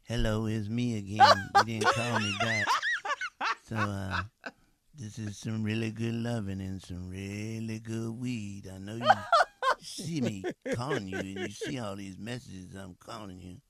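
A man voicing a sleazy middle-aged male ex who leaves voicemails, smooth-talking and chuckling through his lines. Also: fairly low pitch, wildly swooping pitch, measured pace, sharp tone, slight background noise, heavily acted. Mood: coaxing, sleazy. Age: 50s.

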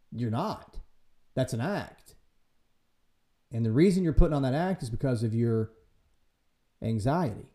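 A man hosting a casual church podcast, talking in a lively way and acting out quoted voices for humor. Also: a little high, slow, long pauses. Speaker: podcast host and church leader. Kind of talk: casual faith discussion.

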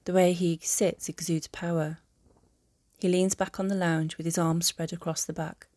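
A woman narrating a fan audiobook in a calm, even storytelling manner. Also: fairly low pitch, normal speed, dry recording.

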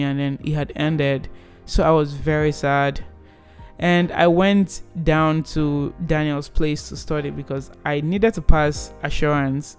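A young man in his twenties casually telling a personal story, animated and rambling with many restarts. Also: a little high.

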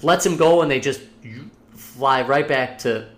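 A man's voice: medium pitch, measured pace. A man co-hosting a podcast, telling stories casually with lots of swearing and acted-out quotes. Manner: animated, profane storyteller who acts out quotes. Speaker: podcast co-host. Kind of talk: casual storytelling chat.

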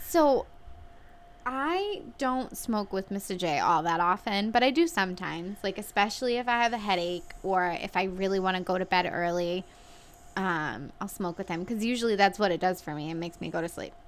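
A woman's voice: mid-range voice, normal speed. Chatty woman in her thirties telling stories. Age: 30s. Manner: chatty storyteller, acts out quotes, swears. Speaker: podcast co-host. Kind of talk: casual chat.

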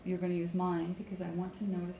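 A woman's voice: lowish voice, flat delivery, fast talker, background noise. A woman from Canada, a pronunciation coach, teaching a live lesson and stressing words and repeating phrases for students to echo back.

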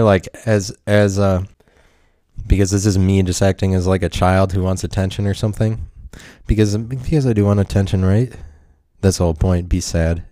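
A man's voice: deep voice, steady tone, moderate pace, dark tone, no echo, clean studio sound. A man hosting a podcast in a rambling solo monologue, self-mocking and profane, laughing often. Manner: profane, provocative. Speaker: podcast host.

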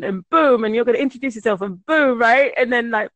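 A woman's voice: on the high side, animated, moderate pace, few pauses, no room sound. Gushing, chatty woman podcast host. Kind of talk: casual interview conversation. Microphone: remote call.

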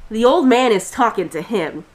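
A woman's voice: a little high, lively intonation, normal speed. A young woman co-hosting a podcast, telling a story in casual chat with a blunt, profane, ranting manner. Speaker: podcast co-host.

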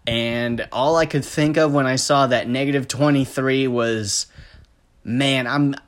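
A man's voice: medium pitch, steady tone, measured pace. A young man hosting a podcast alone, rambling, joking at his own expense and swearing freely. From American Midwest. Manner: rambling, self-deprecating, profane, with frequent laughs and fillers. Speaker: podcast host. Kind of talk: casual solo podcast monologue.

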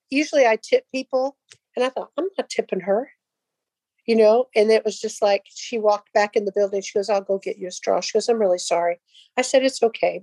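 Older woman, casual storytelling, rambling, restarts, slightly high voice, dry sound. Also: a little mellow, no echo, poor audio. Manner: rambling with restarts and quoted dialogue. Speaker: guest sharing a testimony.

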